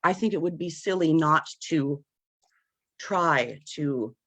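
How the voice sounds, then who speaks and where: Halting, creaky-voiced earnest speaker. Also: mid-range voice, fairly bright tone, no room sound. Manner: halting, searching for words, many fillers; earnest, with nervous laughs. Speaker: panel speaker at a campaign discussion. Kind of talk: unscripted discussion.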